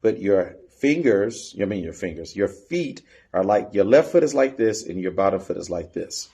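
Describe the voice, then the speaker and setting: A man's voice: low-pitched, expressive, normal speed, dark tone. A man coaching a step team in an instructional video, counting and chanting the beat while he demonstrates. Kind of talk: instructional video teaching drills.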